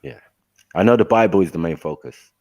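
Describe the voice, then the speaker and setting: A man on a casual panel chat, asking questions in a laid-back way and trailing off quietly. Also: low voice, fairly quick.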